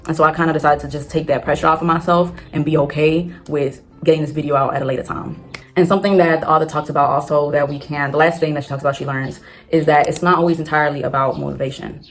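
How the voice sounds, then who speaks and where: Fast-talking low-voiced woman vlogger. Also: fairly even intonation, soft background music. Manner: candid, swears freely, talks in rushing run-ons. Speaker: booktube vlogger. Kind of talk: casual storytelling vlog. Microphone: phone on a tripod.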